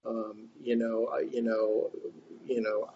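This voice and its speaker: A man's voice: on the low side, flat delivery, slow pace, vocal fry, dark tone. A man giving long, rambling remarks in a group discussion, full of fillers and restarts. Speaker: discussion participant. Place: online reading group. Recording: muffled, faint background noise.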